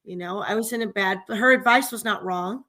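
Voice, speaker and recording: Bright-voiced woman venting in casual chat. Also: medium pitch, fairly quick. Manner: animated, venting, laughs often.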